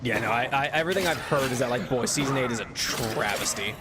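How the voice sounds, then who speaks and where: Very noisy audio and game music surround this streamer's quick, mid-range voice. He chats casually, rambling with restarts and fillers, laughing frequently and yelping loudly at in-game mishaps.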